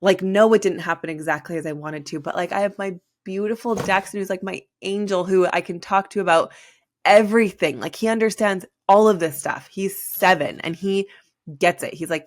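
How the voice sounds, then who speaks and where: A woman's voice: mid-range voice, moderate pace. A woman in her thirties hosting a podcast, telling her personal story in a chatty way, full of "like" and talking straight to her listeners. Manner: chatty, peppered with "like", addresses listeners directly. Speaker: podcast host.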